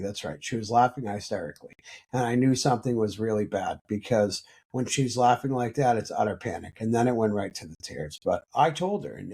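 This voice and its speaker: A man speaking as a podcast guest, telling a personal story in an earnest, halting way with frequent restarts. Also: medium pitch, a little mellow, breathy edge.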